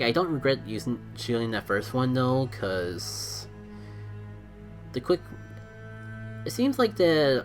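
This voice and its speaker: A man talks through his game live in an even, middle-pitched voice. He thinks aloud, second-guesses his choices and is openly hard on himself. Faint game music plays under him. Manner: excitable, thinks aloud, self-critical. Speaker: streamer playing a mobile game. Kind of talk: live gameplay commentary.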